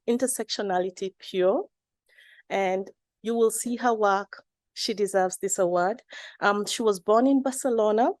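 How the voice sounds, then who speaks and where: A woman's voice: medium pitch, a little mellow, dry recording, clean studio sound. A woman judge announcing an award winner, with informal asides.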